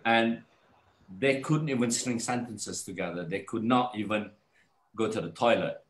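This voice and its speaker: A man guest telling a personal story in a casual live talk, animated and acting out the voices of people he describes. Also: on the low side, measured pace, reverberant.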